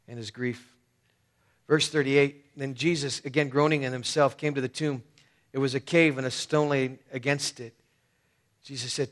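A male pastor preaching a sermon, reading scripture aloud and explaining it, his voice swinging between hushed and loud. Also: medium pitch, fairly even intonation, brisk.

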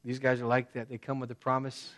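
A man preaching a sermon as pastor, talking casually and swinging between loud bursts and hushed asides. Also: medium pitch, monotone, fast.

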